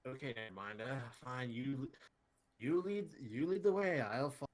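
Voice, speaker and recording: A man's voice: medium pitch, normal speed. A man playing a tabletop game, speaking casually and a little stumbling. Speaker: player. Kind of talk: casual chat and in-character play.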